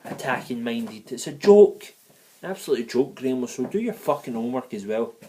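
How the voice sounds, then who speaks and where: A man's voice: medium pitch, animated, a little fast, dark tone, a little hiss or hum. A man giving a heated, profane and digressive football review in a fan vlog. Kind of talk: ranting match review vlog. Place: living in the United States.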